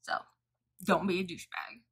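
A woman's voice: normal speed, a little hiss or hum, low-quality recording. A woman vlogger talking through a makeup tutorial at home, chatty and profane as she tells a story. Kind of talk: casual makeup tutorial chat.

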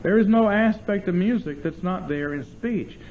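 A man giving an informal theology lecture to an audience, lively and demonstrative, often checking in with questions to his listeners. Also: high-pitched, moderate pace, narrow, tinny audio, slight background noise.

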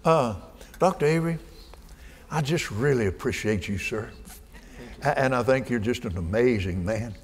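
An older man preaching a sermon in a folksy way, with joking asides and fervent, shouted peaks. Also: medium pitch, animated, moderate pace, long pauses. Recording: reverberant hall with faint ambience.

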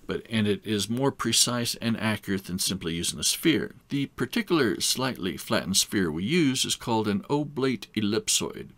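Guy lecturing his class, kinda gravelly and low, chatty with little jokes, dry close sound. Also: lively intonation, moderate pace, few pauses, fairly bright tone, no room sound. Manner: conversational, wry asides. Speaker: instructor. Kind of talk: recorded screen lecture.

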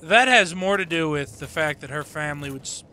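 A man's voice: a little high, expressive, a little fast, bright, forceful tone, clean tone. A man with an Appalachian accent co-hosting a let's play, joking provocatively and stubbornly holding his ground. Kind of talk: casual gaming commentary chat.

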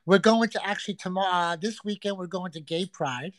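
A woman's voice: fairly low pitch, expressive, normal speed, dry recording. A woman hosting a casual livestream from a friend's home, teasing and swearing through crude, brash banter. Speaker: livestream host.

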